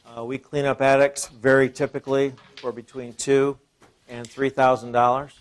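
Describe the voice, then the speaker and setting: Guy running a lunch seminar, mid-pitch voice, chatty, keeps asking the room questions. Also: level tone, moderate pace, clear, resonant tone. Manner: conversational, rhetorical questions to the audience. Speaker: seminar presenter. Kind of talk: informal sales seminar talk.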